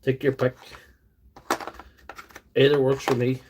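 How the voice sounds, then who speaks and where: A man's voice: mid-range voice, monotone, slow, background noise. A man with a Northern Irish accent hosting a casual live stream from a makeshift workshop, chatting in a rambling, self-deprecating way. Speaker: livestream host, tool repairer. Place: makeshift home workshop studio. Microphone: phone on small tripod.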